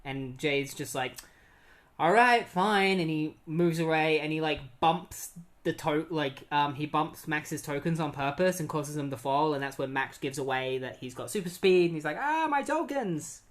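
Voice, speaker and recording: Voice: medium pitch, fairly even intonation, normal speed. Chatty comic book recap host. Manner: chatty, many "like" and "um" fillers, reads quotes in a plain voice.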